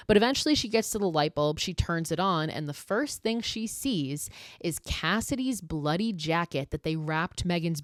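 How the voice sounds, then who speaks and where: A woman's voice: on the low side, no room sound, clean studio sound. A woman hosting a podcast, recapping a horror film in a chatty, profane way full of "like" fillers. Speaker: podcast host.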